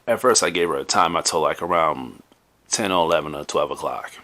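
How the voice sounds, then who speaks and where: A man's voice: a bass voice, brisk, pushed and bright. A man hosting a podcast, telling a personal story in a rambling, conversational way full of restarts. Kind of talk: casual storytelling monologue.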